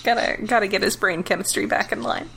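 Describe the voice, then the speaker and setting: A woman's voice: mid-range voice, sing-song, fairly quick, gravelly, a bit bright, slight background noise. A woman co-hosting a podcast, chatting casually and playfully with frequent laughs. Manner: laughs often, playful asides. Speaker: podcast co-host.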